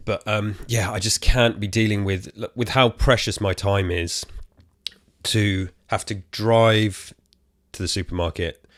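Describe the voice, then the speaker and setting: A British man in his thirties hosting a casual solo gaming podcast from a quiet room at home, rambling and slightly out of breath. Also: fairly low pitch, steady tone, slow pace, no room sound, studio quality. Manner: rambling, chatty, self-correcting asides. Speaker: podcast host.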